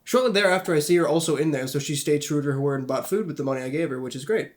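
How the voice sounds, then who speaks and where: Young guy podcast host, kinda high voice, rambly swear-y stories. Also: very fast. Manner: rambling, profane anecdote telling. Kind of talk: casual chat.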